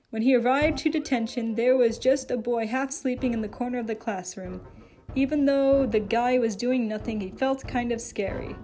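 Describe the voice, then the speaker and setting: A woman's voice: fairly high pitch, moderate pace, mellow, faint music behind. A woman reading a story aloud, dropping in her own reactions and asides. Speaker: reader of fan fiction. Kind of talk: dramatic reading with character voices.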